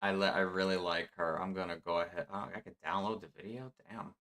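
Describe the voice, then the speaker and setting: Male streamer, casual reaction chat, laughs easily, bright tone. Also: low voice, steady tone, brisk, faint music behind. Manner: chatty, laughing, sing-song asides.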